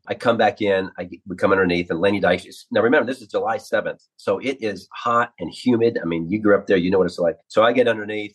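Man in his 50s, ex-ballplayer guest, husky lower voice, lively storyteller. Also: low-quality recording. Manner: animated anecdotes, acts out quotes. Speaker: former ballplayer, radio analyst. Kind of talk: storytelling interview.

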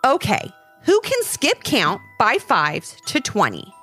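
A woman's voice: medium pitch, huge pitch swings, slow, sharp tone, slightly rough, soft background music, heavily acted. A woman playing a grumpy math master. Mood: smug. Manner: annoyed and curt. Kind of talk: children's storybook reading.

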